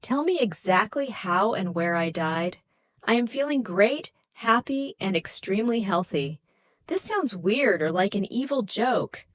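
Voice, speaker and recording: A woman's voice: mid-range voice, animated, measured pace, no room sound. A woman voicing a matter-of-fact husband puzzled by a strange call. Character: calm, then puzzled older husband.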